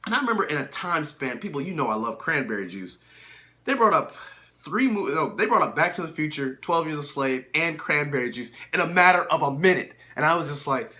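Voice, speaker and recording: Bright-voiced man ranting profanely. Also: fairly high pitch, lively intonation, fairly quick. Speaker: film reviewer. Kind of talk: casual ranting review.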